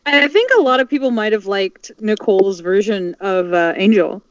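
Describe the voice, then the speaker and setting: A woman in casual livestream chat, halting and restarting as she makes her point, talking from home on an online call. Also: mid-range voice, no room sound. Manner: halting, many restarts and fillers. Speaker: dub group member. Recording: dull, dry lo-fi mic.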